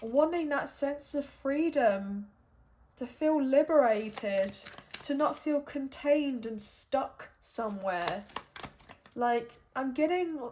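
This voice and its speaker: Slow, musing woman reading tarot. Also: high-pitched, expressive, a little mellow, slight background noise. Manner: musing and hesitant, thinking aloud with many fillers. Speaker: tarot card reader. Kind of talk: intuitive tarot reading monologue.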